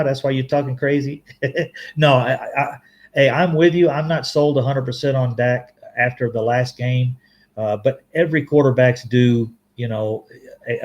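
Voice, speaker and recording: A man's voice: medium pitch, a little mellow. Male live-stream host, mid-range voice, casual and rambling, stumbles and self-corrects often. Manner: rambling, halting restarts, frequent self-corrections; laughs easily, chats with viewers. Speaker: fan show host reading live chat.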